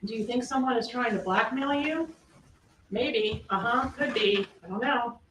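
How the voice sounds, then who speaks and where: A woman's voice: on the high side, a little slow, a bit bright, a little hiss or hum. Distant, echoey woman arguing in court. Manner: emphatic, rhetorical questions. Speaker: prosecutor. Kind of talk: courtroom closing argument. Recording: echoey room, distant mic, faint ambience.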